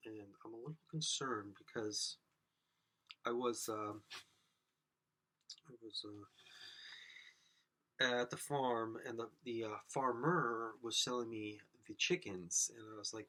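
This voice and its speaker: A man's voice: medium pitch, takes it slowly, pauses often, pushed and bright. A man hosting a silly podcast alone, rambling absurdly and talking to an imagined audience. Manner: absurd, self-mocking, talks to imagined audience. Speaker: podcast host. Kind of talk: rambling comedic monologue.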